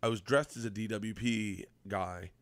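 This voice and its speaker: A man with a slightly low voice tells a comic story at an animated pace, jumping into quoted lines as he goes. The sound is dry and close, with no room around it. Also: unhurried, no room sound. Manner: animated anecdote-telling with acted-out quotes. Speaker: guest comedian. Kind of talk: casual storytelling chat.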